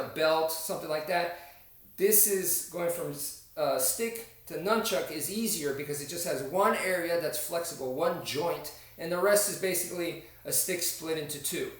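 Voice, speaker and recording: Man teaching stick fighting from across an echoey room. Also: a little high. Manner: explains step by step, counts out strikes, frequent "okay?". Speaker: martial arts instructor. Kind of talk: instructional demonstration. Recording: echoey room, distant camera.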